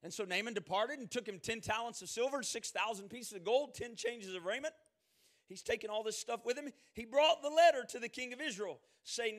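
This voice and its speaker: High-voiced preacher, loud then hushed. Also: male voice, a little fast. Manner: dramatic, swings from shouted quotes to hushed asides. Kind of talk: sermon.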